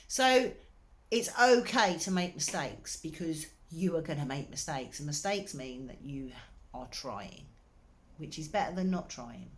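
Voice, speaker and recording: A woman with a notably low voice talks straight to her listener in a personal advice talk. She is earnest and encouraging, pressing her points home. There is a slight irritation in her throat. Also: lively intonation, measured pace. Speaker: wellbeing coach. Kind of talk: direct-to-camera advice talk.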